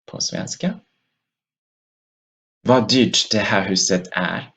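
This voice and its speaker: A man's voice: lowish voice, takes it slowly, a bit bright. A man teaching a language lesson, explaining step by step and repeating each example sentence twice.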